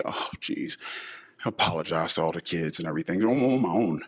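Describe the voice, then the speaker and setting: A middle-aged man hosts a personal monologue podcast, deliberately disguising his low, expressive voice. He speaks emotionally and haltingly, sighing as he talks.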